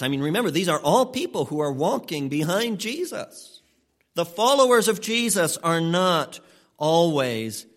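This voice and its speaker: A man's voice: fairly high pitch, a bit bright. Emphatic male pastor preaching a sermon. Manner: emphatic preaching, speeds up and slows down for stress.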